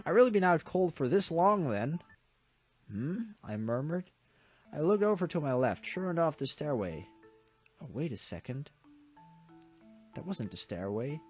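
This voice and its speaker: Animated man reading a game story. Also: on the high side, breathy edge, faint music behind. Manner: animated, dramatic reading with quick reactions. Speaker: game streamer. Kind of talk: reading a visual novel aloud with asides.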